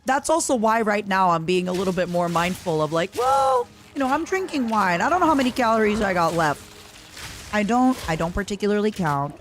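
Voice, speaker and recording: Lively chatty woman streamer. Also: medium pitch, a little fast, a little hiss or hum. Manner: rambling, chatty, reads out chat messages. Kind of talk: casual chat while playing a video game.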